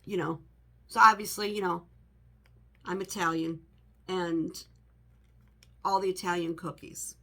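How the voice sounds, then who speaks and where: A woman's voice: lowish voice, fairly even intonation, a little slow, long pauses, fairly bright tone. A middle-aged woman chatting casually to the camera in her home office, rambling with many "you know" asides. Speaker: home fragrance vlogger.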